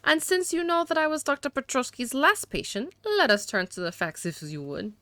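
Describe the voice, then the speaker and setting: A woman's voice: high voice, sing-song, normal speed, pushed and bright, dry recording, pitched above the performer's own voice, heavily acted. A woman voicing a smug, condescending older dandy, with an attempted French accent and a haughty, formal way of talking.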